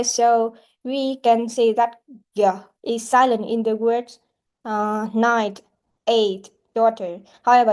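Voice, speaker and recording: Woman English teacher, halting delivery, slightly high voice. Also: darkish tone. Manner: halting, with frequent restarts. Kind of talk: classroom answer-key walkthrough.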